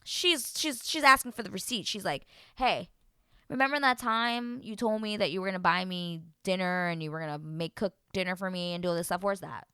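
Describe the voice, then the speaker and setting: Woman host of a reality TV recap, casual and expressive, lower pitch, dry close sound. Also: brisk, smooth, dry recording. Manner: animated, mimics the people she describes. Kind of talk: casual chat.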